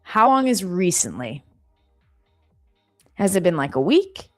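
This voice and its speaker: A woman hosting a live stream from an office, chatting casually and reading viewer comments aloud with quick, animated exclamations. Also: lowish voice, soft background music.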